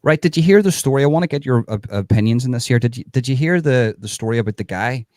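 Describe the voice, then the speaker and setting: A man hosting a live stream, blunt and rambling, cursing freely and circling back on himself. His voice sits at a middle pitch and sounds close and dry. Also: expressive, fast, a little mellow, dry recording. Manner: blunt, swearing, rambling with restarts. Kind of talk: casual live stream chat.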